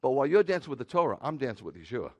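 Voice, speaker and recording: Animated rabbi preaching with lively swings. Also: male voice, mid-range voice, very fast. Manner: animated, joking, swings from loud to quiet. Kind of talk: sermon.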